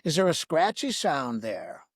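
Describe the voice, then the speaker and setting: A man guiding listeners through a breath-awareness meditation in a slow, soothing, instructive way, asking repeated gentle questions. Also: fairly high pitch, sing-song, no room sound. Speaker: breathwork teacher, podcast guest.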